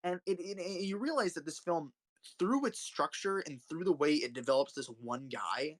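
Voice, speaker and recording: A man's voice: on the high side, lively intonation, normal speed, no room sound. A young man rambling passionately about films in casual commentary, often swearing and restarting his sentences. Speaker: host ranking films.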